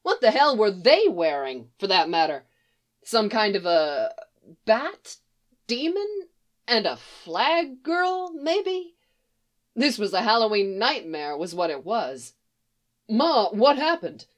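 A woman reading fiction aloud in a steady, expressive storytelling manner. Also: mid-range voice, slow. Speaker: reader.

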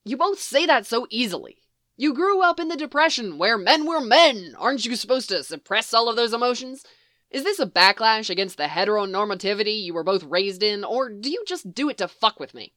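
A woman's voice: animated, a little fast, a bit bright, dry recording, studio quality, close to an everyday voice. A woman voicing a neurotic, prickly man who sulks and sounds petulant, in a fan story reading. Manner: petulant, higher pitched than the narration. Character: neurotic, prickly adult man, gloomy and sulky.

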